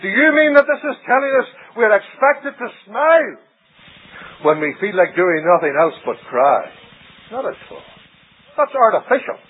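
Husky preacher on tinny old radio. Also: male voice, animated, normal speed. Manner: dramatic preaching with sweeping pitch swings and sudden drops. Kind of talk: sermon.

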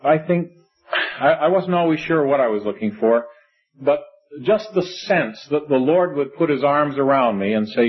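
A man's voice: mid-range voice, unhurried, long pauses, husky, soft background music. A middle-aged man preaching a sermon, reading scripture in old-fashioned wording and breaking into earnest conversational asides. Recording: dull lo-fi recording.

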